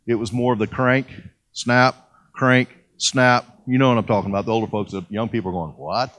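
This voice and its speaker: A man's voice: lowish voice, very fast. A man in his fifties preaching a sermon and telling his personal testimony in a folksy, self-deprecating way, with frequent restarts. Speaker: pastor.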